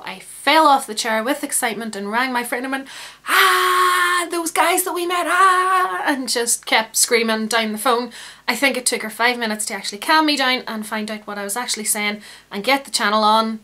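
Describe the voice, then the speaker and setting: A woman's voice: on the high side, pushed and bright. A young Northern Irish woman vlogging casually, rambling and laughing at herself as she chats. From Northern Ireland. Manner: rambling, self-mocking, laughs often. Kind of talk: casual chatty vlog.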